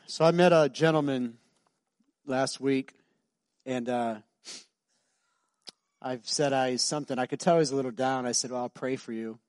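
A man's voice: mid-range voice, steady tone, unhurried, long pauses, a little mellow, dry recording. A middle-aged man pastor preaching a sermon, emphatic and repetitive, telling stories in a conversational way.

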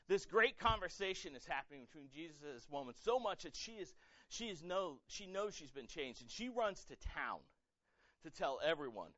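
Male pastor, high-pitched, dry and slightly dull sound, lively sermon delivery. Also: no echo. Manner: animated, acts out quoted voices, rises to loud emphatic peaks.

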